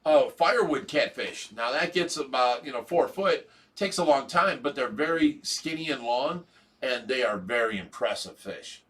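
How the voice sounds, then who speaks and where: A man's voice: mid-range voice, animated, moderate pace, fairly bright tone. Casting: middle-aged Ohio man, livestream host, rambling, chuckly, filler-heavy. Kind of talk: casual livestream chat.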